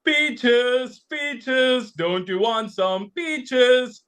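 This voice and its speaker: A man from India voicing a humble farmer who calls out a slow, sing-song street cry. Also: extremely high pitch, a bit bright, clear, resonant tone, pitched above the performer's own voice, exaggerated voice. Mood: cheerful. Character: humble farmer calling out as a peach seller.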